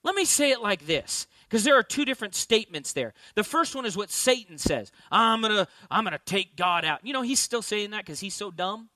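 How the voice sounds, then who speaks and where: A man's voice: sits high, big pitch swings, brisk, few pauses, pushed and bright, dry recording. A man preaching a sermon, emphatic, repeating key lines and asking the congregation rhetorical questions.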